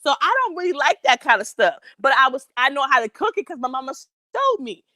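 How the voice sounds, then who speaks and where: A woman, telling a story in animated, indignant casual chat. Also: high-pitched, brisk, no room sound. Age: 40s.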